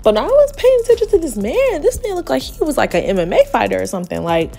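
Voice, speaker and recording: Young woman, fairly high, gravelly voice; casual kitchen vlog storyteller with soft music under her. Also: very animated, quick pace. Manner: chatty, addresses viewers as y'all, laughs often. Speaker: vlogger. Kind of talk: casual storytelling while cooking. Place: home kitchen.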